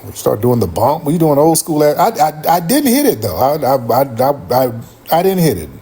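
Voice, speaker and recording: A middle-aged man spins a casual comic tale on a livestream, cursing freely and doubling back on his words. His voice has a husky grain, and his pitch leaps around with lively energy as he tells it. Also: moderate pace. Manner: animated, profane, rambling with restarts. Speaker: livestream host.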